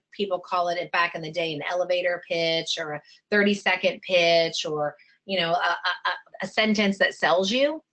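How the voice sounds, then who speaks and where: A woman coaching travel agents in a live online session, energetic and conversational, coaxing her listeners along. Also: mid-range voice.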